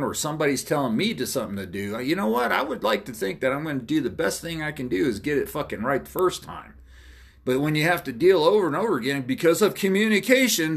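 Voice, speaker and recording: A man hosting a podcast, ranting alone in a loud, blunt way, swearing constantly and acting out both sides of past conversations. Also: a little high, husky. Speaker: podcast host. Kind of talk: profane solo rant.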